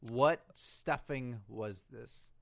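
A man's voice: mid-range voice, very slow, gravelly. A man co-hosting a podcast, chatting casually with dry, sarcastic teasing. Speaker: podcast co-host. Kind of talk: casual comedic chat.

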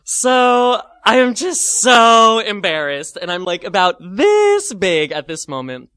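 A man tells a comic story about himself, animated and self-mocking, with many "like" fillers. His voice is bright and forceful, recorded close and dry. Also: high voice, measured pace, no echo. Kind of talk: comic personal anecdote.

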